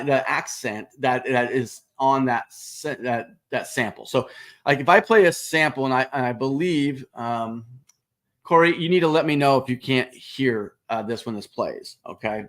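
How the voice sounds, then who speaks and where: Casual man walking through software. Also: medium pitch, lively intonation, moderate pace. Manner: casual, explanatory, speaks directly to viewers. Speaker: software demo presenter. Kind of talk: live screen-share product walkthrough.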